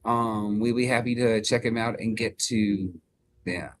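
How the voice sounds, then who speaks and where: A man's voice: on the low side, steady tone, a little slow, a little hiss or hum. A man co-hosting a casual live stream, gushing in baby talk and cheering viewers on as he signs off. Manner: gushing baby talk, upbeat sign-offs. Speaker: co-host of a sewing shop live stream. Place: away from the shop, joining remotely.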